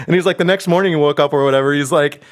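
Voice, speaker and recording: A man's voice: fairly high pitch, rapid-fire. A young adult man hosting a podcast, telling a story in casual chat and swearing freely. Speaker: podcast host.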